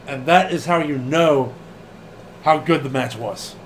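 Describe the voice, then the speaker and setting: A man co-hosting a casual wrestling podcast, animated and laughing often, swearing freely and acting out what people said. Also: mid-range voice, a little slow, a little hiss or hum. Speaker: podcast co-host.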